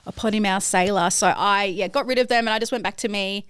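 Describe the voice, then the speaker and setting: A woman's voice: mid-range voice, fast talker, fairly bright tone, smooth, no room sound, clean studio sound. A woman, a midwife, chatting as a podcast guest in a direct, self-deprecating way. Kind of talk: casual chat.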